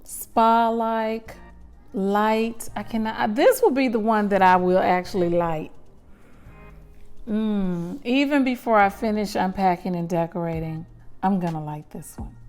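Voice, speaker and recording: A woman's voice: mid-range voice, a little mellow, soft background music. A woman vlogger chatting casually at home while unboxing, gushing with lingering "mm"s as she stops to smell. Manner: gushing, breathy pauses to smell. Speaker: lifestyle vlogger.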